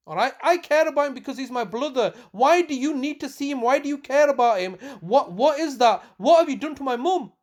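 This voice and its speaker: A woman's voice: high voice, animated, a little fast, few pauses, darkish tone. An agitated woman, insistently accusing an official during a recorded phone call, often repeating and restarting her sentences. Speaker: family member confronting a council official.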